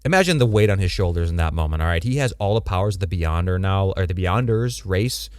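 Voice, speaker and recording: Young man, lowish pitch, casual slangy chat, animated, dry close sound. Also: quick pace, clean tone, no room sound. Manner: animated, slangy, playful reading of quotes. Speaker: podcast co-host. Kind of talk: casual comic book discussion.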